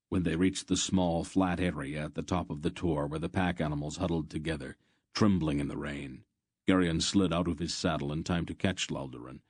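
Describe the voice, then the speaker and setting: A man reading a fantasy novel aloud as an audiobook narrator, in steady, measured storytelling. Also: sits low, dry recording, clean studio sound.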